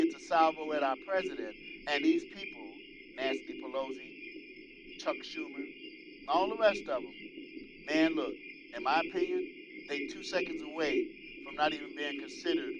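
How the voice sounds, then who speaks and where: High-voiced man ranting on his show. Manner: animated, preachy, mocking. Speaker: host. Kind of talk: political commentary monologue. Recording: dull lo-fi with loud crowd noise.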